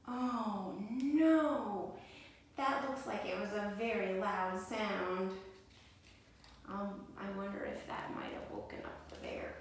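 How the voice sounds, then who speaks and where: Slow, gentle preschool teacher reading aloud. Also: female voice, mid-range voice, a little hiss or hum. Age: adult, mother. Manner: gentle, expressive, addressing children. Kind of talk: read-aloud storytelling for children. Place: indoor room at home. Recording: echoey room, mic far off.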